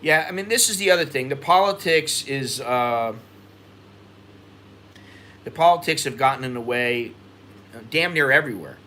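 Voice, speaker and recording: American guy, vlog host, bright forward tone, rambling, frustrated, faint background noise. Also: mid-range voice, lively intonation, moderate pace, long pauses. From United States. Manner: rambling, frustrated, repeats himself. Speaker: expat vlogger. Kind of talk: livestream chat reading viewer comments.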